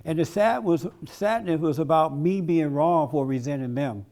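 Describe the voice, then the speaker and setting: A man's voice: on the high side, normal speed, dark tone. A man giving a blunt, emphatic preaching-style talk at a conference, laughing along with his audience. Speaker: conference speaker.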